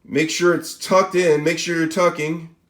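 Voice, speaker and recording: A man's voice: a little high, little pitch movement, measured pace, a bit bright, roomy sound. A man with a Spanish accent giving a casual step-by-step cooking demonstration, often checking in with "all right?" and "okay?". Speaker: cooking channel host.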